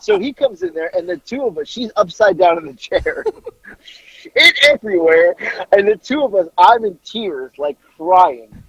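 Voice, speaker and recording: A man's voice: high voice, big pitch swings, moderate pace, vocal fry, breathy edge, dry recording. A man on a podcast telling a story casually, swearing freely and laughing through it. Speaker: podcast co-host. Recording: dry, slightly dull recording.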